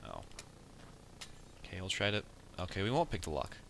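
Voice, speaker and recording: A man's voice: fairly low pitch, fairly quick, pushed and bright, slight background noise. A young man giving casual let's play commentary, swearing often and muttering at the game in frustration.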